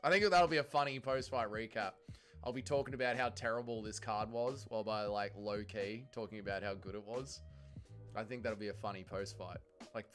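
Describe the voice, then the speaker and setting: A young Australian man hosting a fight watch-along stream, reading chat and swearing as he yells at the fights. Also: medium pitch. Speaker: livestream host.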